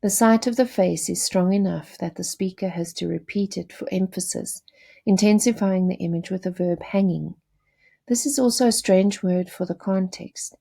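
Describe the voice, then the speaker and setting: A woman delivers a recorded literature lesson in a measured, explanatory way, pausing now and then to correct herself. Her voice has a gravelly edge and a dark, mellow tone. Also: mid-range voice. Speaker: teacher.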